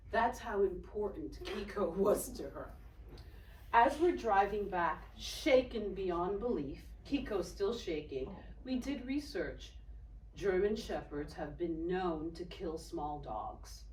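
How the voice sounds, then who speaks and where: A woman from Haiti giving a testimony sermon, telling a story with animated delivery and acting out the voices of the people in it. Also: fairly low pitch, takes it slowly, slight background noise. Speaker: speaker. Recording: echoey hall, distant mic.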